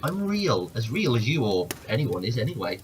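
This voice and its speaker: A man voicing a calm talking rattlesnake who grants wishes, patient and dryly joking as he explains. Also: mid-range voice, moderate pace, a little hiss or hum, natural voice. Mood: matter-of-fact.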